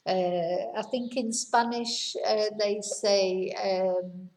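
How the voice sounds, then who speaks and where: A woman teaching slang as a language teacher, speaking slowly and deliberately and repeating each example twice. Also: mid-range voice, steady tone, darkish tone, reverberant, slight background noise. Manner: explains in simple words, mixes in Spanish. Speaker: English teacher. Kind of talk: language lesson.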